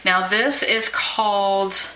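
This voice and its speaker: A woman's voice: medium pitch, steady tone, slow, roomy sound, background noise. Chatty woman teaching a craft class. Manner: chatty, encouraging, thinks aloud while drawing. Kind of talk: live-streamed craft lesson.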